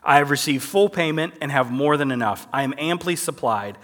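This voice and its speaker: A man preaching a conversational sermon, teaching with lively asides and frequent checks with his listeners. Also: fairly high pitch, fairly quick. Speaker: pastor. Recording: long hall reverb.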